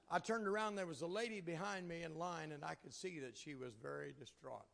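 Preaching in a church sanctuary, this man tells folksy ministry stories with chuckles in a fairly quick, lively voice that sits on the high side, gravelly and a little bright. A large hall's long reverb fills the recording.

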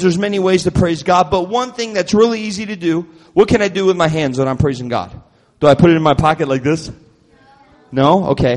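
A high-pitched man leads a lively children's sermon, goofing around and calling out for the kids to answer back. His voice rings with long hall reverb, as if in a large church room. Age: adult. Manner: goofy, teasing, animated. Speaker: children's minister. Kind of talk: playful children's sermon with call-and-response. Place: church youth event hall.

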